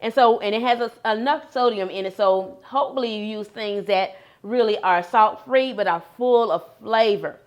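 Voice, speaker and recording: A woman co-hosting a cooking demonstration, explaining steps in a calm, explanatory way. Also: medium pitch, normal speed, few pauses.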